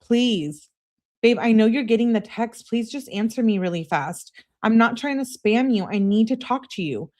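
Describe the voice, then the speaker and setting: A woman reading aloud as a pleading teenage girlfriend who begs again and again, her voice raised higher than her own. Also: moderate pace, a little mellow, natural voice. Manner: high, breathless pleading with repeated begging.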